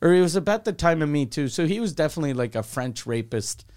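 A man from Quebec tells stories in a loose podcast chat. His voice sits a bit high for a man, and he swears a lot as the stories pick up. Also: quick pace, smooth. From Quebec, Canada. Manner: animated storytelling, swears freely. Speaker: podcast co-host.

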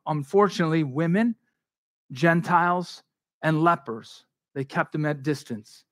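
A male pastor preaching a sermon in a conversational way, slipping into quick voices for the people in the story. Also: fairly high pitch, fairly bright tone.

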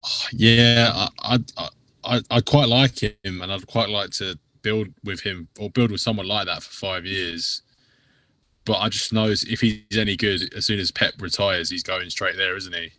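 Deep-voiced man chatting bluntly. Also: fairly even intonation, sharp tone, dry recording. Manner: blunt, laughs along, quick interjections. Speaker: podcast co-host. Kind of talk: casual football chat.

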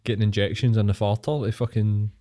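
A man's voice: lowish voice, fairly quick. A Scottish man co-hosting a podcast, chatting casually and telling sweary stories, acting out the people he quotes. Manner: sweary, animated storytelling with acted-out quotes. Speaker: podcast co-host. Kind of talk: casual banter.

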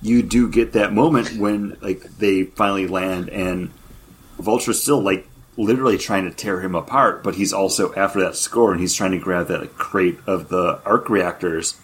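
Husky low-voiced man in casual film talk. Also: fairly even intonation, normal speed. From New York. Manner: opinionated, wry. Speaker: podcast co-host.

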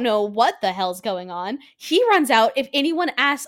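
A woman co-hosting a podcast in casual chat, animated and swearing, acting out quotes from scenes. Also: fairly high pitch, a little slow, few pauses. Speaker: podcast co-host.

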